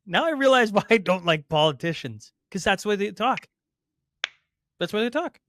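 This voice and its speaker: A man hosting a podcast, thinking out loud in a casual, rambling way. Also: sits high, expressive, normal speed, no echo, studio quality. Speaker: podcast host. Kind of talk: casual conversational interview.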